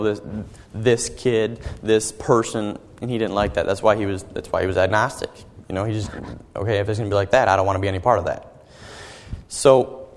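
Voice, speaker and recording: A young man giving an earnest personal testimony as a sermon, halting and often repeating his words. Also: on the low side, long reverb tail. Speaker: young preacher.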